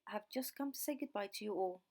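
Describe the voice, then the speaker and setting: A worried fairy-tale father who frets and pleads, voiced by a woman narrator. The voice stays close to a normal speaking pitch and carries a gravelly edge. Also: fast talker, darkish tone, natural voice. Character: worried middle-aged father, a merchant.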